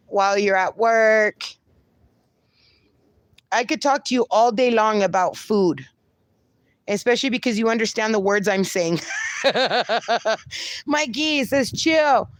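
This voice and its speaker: A woman's voice: mid-range voice, dry recording. A woman hosting a casual livestream, chatting and reading viewer comments aloud, dropping in Spanish words. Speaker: livestream host.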